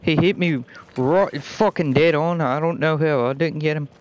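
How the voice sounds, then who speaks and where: A man's voice: a little high, moderate pace, slight background noise. Brash man in a fake British accent. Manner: exaggerated put-on British accent, calling people mate and wanker; brash, abrasive, swears constantly. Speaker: gamer playing with random teammates. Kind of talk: profane gaming banter over voice chat.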